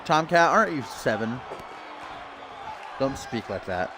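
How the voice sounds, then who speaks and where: A man's voice: medium pitch, animated, measured pace. A man streaming a wrestling video game, chatting casually and goofily, breaking into chants and tongue twisters. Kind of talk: casual gameplay commentary. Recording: game crowd and noise behind. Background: video game arena crowd.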